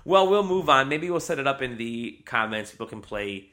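A man's voice: medium pitch, lively intonation, normal speed, sharp tone. A man hosting a casual podcast, laughing often and rambling through restarts. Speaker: podcast host.

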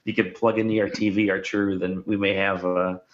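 A man's voice: low-pitched, flat delivery, normal speed. A man hosting a podcast, chatting casually about video games, rambling with restarts and filler words. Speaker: podcast host. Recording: roomy, dull lo-fi sound.

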